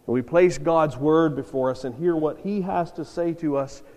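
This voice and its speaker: A man's voice: a little high, moderate pace, mellow. A jet-lagged pastor preaching a sermon to his church, earnest and swelling into emphatic bursts. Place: church sanctuary. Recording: long reverb of a church hall.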